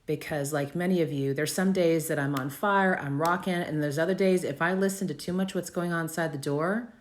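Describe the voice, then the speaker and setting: A woman in her fifties hosting a live video, talking off the cuff in a casual, riffing way and repeating phrases for emphasis. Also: low-pitched. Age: 50s. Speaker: host of a live video for business owners. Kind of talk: off-the-cuff live stream talk.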